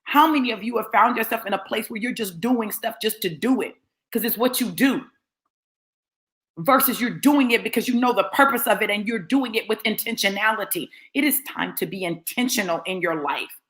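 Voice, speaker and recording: A woman's voice: mid-range voice, a little fast, fairly bright tone. A woman delivers a fiery sermon. She is blunt and confrontational, driving each point home through emphatic repetition. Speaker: motivational preacher.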